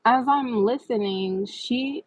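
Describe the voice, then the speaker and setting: A woman and mother hosting her own channel, telling a chatty, animated storytime with laughs. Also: fairly high pitch, slow, no echo, poor audio. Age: adult with a child. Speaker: vlog host. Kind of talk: casual storytime.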